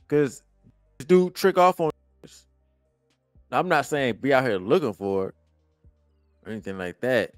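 A man streaming, reacting to a podcast clip with profane, animated ranting. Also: medium pitch, a little slow, pauses often, dry recording, clean studio sound, soft background music. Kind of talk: casual reaction commentary.

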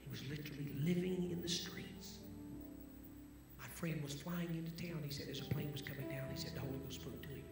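A man with a fairly high voice preaches in a church that rings with echo, organ-like music playing under him. He tells his stories with drama, dropping to hushed whispers and then rising to loud proclamation. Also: fairly even intonation, a little fast. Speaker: guest preacher. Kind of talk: sermon storytelling. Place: church sanctuary. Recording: echoey church with music behind.

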